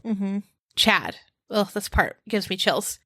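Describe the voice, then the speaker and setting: A woman's voice: medium pitch, animated, slow, sharp tone, dry recording. Woman, podcast co-host, casual true crime chat, scornful and profane, dry close sound. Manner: reads texts aloud, profane and scornful.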